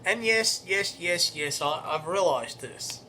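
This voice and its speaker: Young guy hosting his show, slow rambly talk, kinda high bright voice. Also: lively intonation, slight background noise. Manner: rambling, self-correcting, chatty. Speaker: show host. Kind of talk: casual monologue with poetry recitation.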